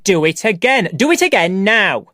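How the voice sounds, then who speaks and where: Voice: medium pitch, big pitch swings, moderate pace, bright, forceful tone, no room sound, studio quality, pitched above the performer's own voice. Strict ballet teacher lady, as a reader puts her on. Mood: stern. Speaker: dance teacher.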